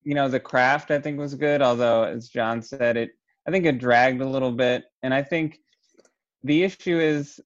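A man's voice: medium pitch, moderate pace, lo-fi sound. A man co-hosting a podcast, giving a casual film review in a hesitant, conversational way. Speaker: podcast co-host.

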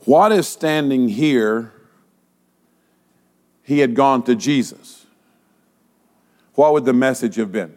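A man's voice: mid-range voice, animated, darkish tone. Man preaching in a reverberant hall. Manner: rhetorical questions, dramatic pauses. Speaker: pastor. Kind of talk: sermon.

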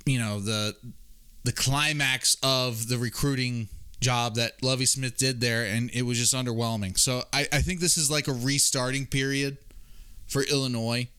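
A man's voice: mid-range voice, steady tone, moderate pace, sharp tone, smooth. A man co-hosting a sports podcast, giving casual game analysis with frequent stammering restarts.

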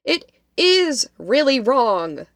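A woman's voice: mid-range voice, lively intonation, measured pace, darkish tone, no room sound, clean studio sound. A woman voicing a young female college student who is rattled and insistent. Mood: spooked. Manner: shaken, insistent.

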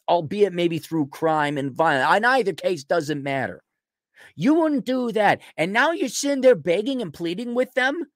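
A man's voice: high voice, animated, measured pace, dry recording, studio quality. A male podcast host delivering a ranting commentary, sarcastic, profane and mocking.

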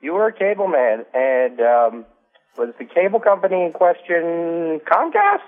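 A man's voice: fairly high pitch, big pitch swings, measured pace. A male caller comes through a thin, phone-like line with faint music underneath. He talks in a hesitant way, with frequent ums and uhs between his thoughts. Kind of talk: casual call-in chat.

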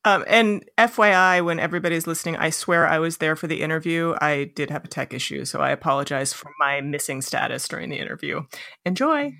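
A woman's voice: low-pitched, animated, fairly quick, gravelly, sharp tone, no room sound, clean studio sound. A woman co-hosting a podcast, opening the show in an upbeat, partly scripted way. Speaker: podcast co-host, agency director. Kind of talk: podcast intro.

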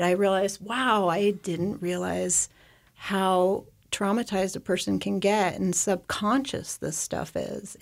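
A woman's voice: medium pitch, steady tone, takes it slowly, gravelly. A woman talking at length and with feeling as an interview guest, rambling with restarts and repeated words. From United States. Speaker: interview guest, avalanche survivor. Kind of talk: emotional personal storytelling. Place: studio.

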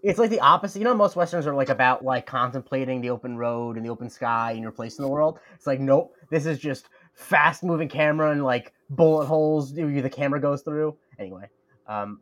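Male podcast co-host, rapid casual chat, laughs a lot. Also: mid-range voice, fairly bright tone. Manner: chatty, laughs often.

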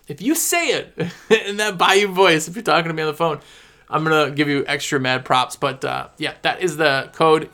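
Guy selling window cleaning gear, kinda high voice, repeats stuff a lot. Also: sharp tone. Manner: chatty, pushy, repeats himself for emphasis. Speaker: window cleaning product sales rep. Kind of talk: casual sales pitch to viewers.

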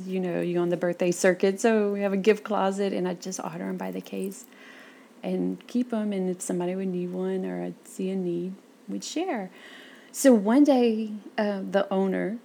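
Gravelly woman telling stories. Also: medium pitch, moderate pace. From south Louisiana. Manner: lively storyteller acting out quoted speech. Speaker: interview guest. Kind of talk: casual storytelling interview.

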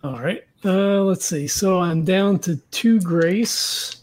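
A man's voice: sits high, slow, a little mellow. A man playing a tabletop role-playing game, talking casually and in a rambling way. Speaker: player.

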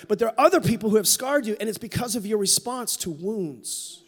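A middle-aged man preaching a sermon in a church, telling a personal story with candor and dropping to a hush at tender moments. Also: high-pitched, fast talker. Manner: candid, storytelling, drops to a hush for quoted moments. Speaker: pastor. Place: church sanctuary. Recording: long hall reverb.

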